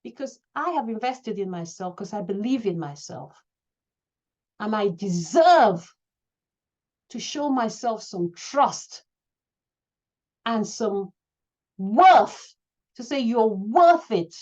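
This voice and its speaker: A woman coach giving an emphatic motivational talk to an online group, building up to near-shouting. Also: a little high, expressive, slow pace, pauses often, highs cut off. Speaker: coach hosting a live session.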